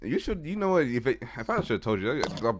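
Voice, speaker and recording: A man's voice: mid-range voice, big pitch swings, fast talker, noisy background. A man hosting a casual podcast chat, eating as he talks, laid-back and profane, with lots of trailing off and repeated words. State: eating, talking with his mouth full. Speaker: podcast host.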